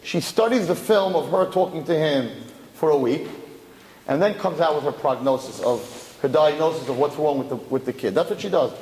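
A man speaking as a rabbi, telling a story in a lively way and acting out the people in it. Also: fairly high pitch, normal speed, slight background noise. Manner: animated, acts out the dialogue of the story. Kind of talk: storytelling talk. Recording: echoey hall.

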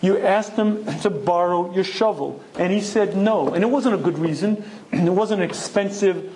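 Male Torah lecturer, slightly high voice, emphatic, keeps clearing his throat; faint hiss. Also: moderate pace, dark tone, low-quality recording. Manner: emphatic, repeats phrases for effect. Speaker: Torah teacher. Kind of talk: Torah lecture with personal story.

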